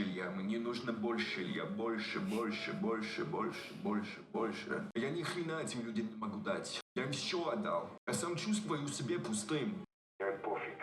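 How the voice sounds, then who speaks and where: An actor playing a grieving young Russian man who speaks in a halting, weary way with a Russian accent. He is played from a series. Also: lowish voice, far from the mic, close to an everyday voice. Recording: roomy sound from off mic.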